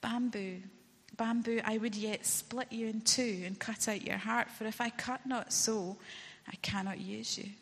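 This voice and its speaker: A solemn master of a garden speaks low and slowly to his beloved plant, as a woman reading a folk tale puts him on. Her breathy voice stays hushed, and a long hall reverb trails each word. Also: steady tone, full character voice. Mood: grave. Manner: slow, grave and quiet. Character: grave, loving master of a garden, male.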